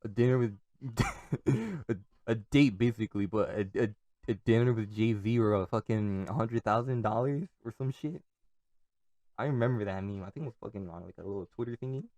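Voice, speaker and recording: Young man, rambling solo podcast, heavy swearing, dark mellow voice, dry close sound. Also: lowish voice, moderate pace, no room sound. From California. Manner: profane, rambling, laughs often. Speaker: podcast host.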